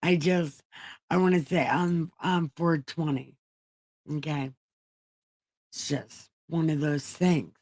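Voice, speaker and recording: A woman's voice: deep voice, steady tone, slow pace, pauses often, a little mellow, no room sound. A woman hosting an online show, reading scripture aloud with irreverent comic asides and casual swearing. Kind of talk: comedic Bible reading.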